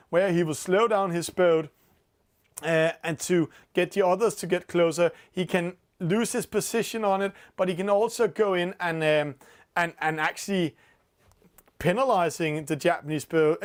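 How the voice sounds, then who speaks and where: Male esports commentator, high voice, excitable, lots of fillers. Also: moderate pace. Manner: excitable, rises sharply at penalties, many fillers. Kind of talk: live race commentary.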